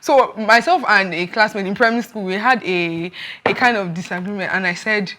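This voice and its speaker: A woman, co-hosting a casual panel chat and telling stories with lively acted-out quotes. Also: medium pitch, fairly quick. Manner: animated storyteller, acts out quotes. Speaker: show co-host.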